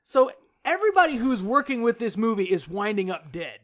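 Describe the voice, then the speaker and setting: A man co-hosting a podcast, casually retelling a film's plot with lively quotes and frequent laughs. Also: sits high, fairly quick. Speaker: podcast co-host. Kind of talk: casual movie recap chat.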